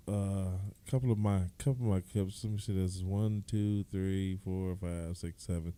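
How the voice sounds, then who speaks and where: A man's voice: deep voice, fairly even intonation, normal speed, hardly any pauses, noisy background. A man rambling through a casual outro to his comedy video, with joking asides to himself. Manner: rambling, self-mocking asides.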